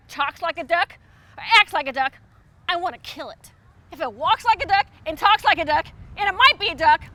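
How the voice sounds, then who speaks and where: A woman with a very high, bright, sharp voice hosts a comedy cooking show. She talks theatrically and spins small mishaps into melodramatic rants. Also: a little hiss or hum. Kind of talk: mock-dramatic comedy cooking monologue.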